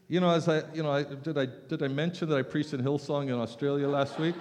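A man's voice: fairly high pitch, brisk, few pauses, a little mellow, slight background noise. An older man preaching a sermon in an earnest, conversational way, with chatty asides. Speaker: pastor. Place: church hall. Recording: long reverb of a large hall.

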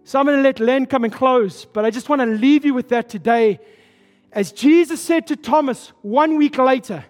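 A man preaching a sermon in a church, passionate and emphatic. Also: very high-pitched. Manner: passionate, emphatic, slow delivery. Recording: hall reverb with soft music.

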